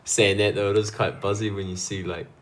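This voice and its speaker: A man with a New Zealand accent, a guest on a podcast, talking in an animated, slangy way. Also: on the low side, brisk, a little hiss or hum. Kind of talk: casual podcast chat.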